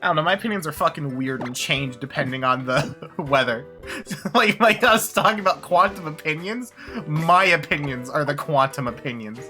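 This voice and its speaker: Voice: mid-range voice, lively intonation, normal speed, pushed and bright, faint music behind. A streamer chatting casually during a video game stream, rambling and swearing, often laughing. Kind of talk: casual gaming stream chat.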